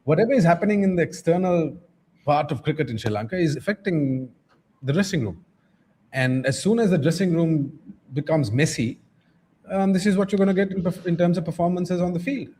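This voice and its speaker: A man appearing as a guest pundit over a video call, blunt and sarcastic, pausing often with fillers. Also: a little high, mellow, slight background noise. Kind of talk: live cricket discussion.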